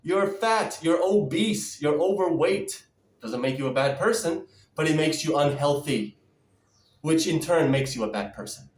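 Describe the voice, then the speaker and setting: A man's voice: on the high side, expressive, unhurried. Fired-up sarcastic man ranting. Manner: sarcastic, fired-up, profane, mocks viewers in quoted voices. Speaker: diet vlogger. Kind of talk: ranting to-camera vlog. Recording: roomy echo, distant from mic.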